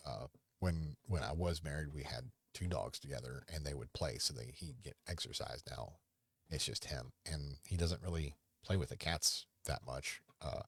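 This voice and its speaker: Very deep husky-voiced man rambling. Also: no echo. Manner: rambling, halting, talks fondly to his dog. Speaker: podcast host. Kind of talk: casual rambling livestream chat. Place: home. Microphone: desk microphone.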